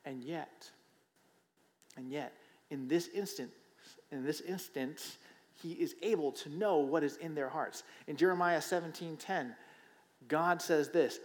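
A man's voice: fairly high pitch, a little slow. A man preaching a sermon in a conversational way, often checking in with the listeners with a rhetorical question and repeating phrases for emphasis. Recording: long hall reverb.

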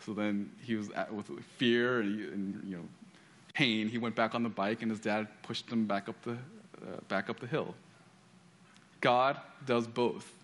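A male pastor gives a sermon a little slowly, his lowish voice fairly even in intonation. His storytelling keeps restarting, and he reads scripture aloud.

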